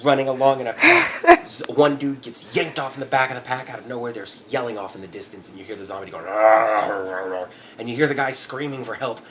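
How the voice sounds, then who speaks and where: A man's voice: mid-range voice, sing-song, quick pace, fairly bright tone. Profane rambling male ranter. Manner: profane, rambling, laughs often. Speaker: vlogger. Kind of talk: comedic rant.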